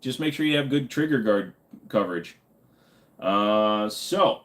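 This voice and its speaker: A man with a fairly low voice hosts a relaxed livestream. He reads viewers' questions aloud and answers with loose, joking, profane chatter. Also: unhurried. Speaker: livestream host. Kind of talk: casual live chat answering viewers.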